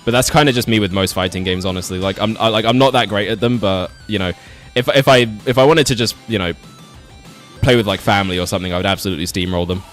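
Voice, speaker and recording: A man's voice: lowish voice, fast, a bit bright, soft background music. A young man streaming a game, chatting casually, rambling, swearing and laughing often while he talks to his chat.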